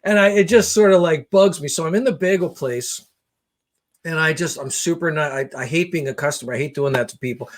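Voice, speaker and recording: A man spinning a comic rant in a slightly high voice. He sounds exasperated and swears freely, with lively, animated delivery. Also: a little fast. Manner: animated, profane, exasperated ranting with voiced impressions. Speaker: podcast co-host. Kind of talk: comedic storytelling rant.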